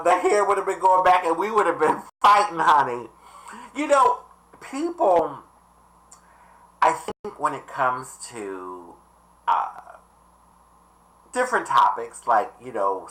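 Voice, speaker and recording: A middle-aged woman telling a personal story in a sassy, animated way on her vlog, often calling the listener "honey". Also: low-pitched, rough recording. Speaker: vlogger.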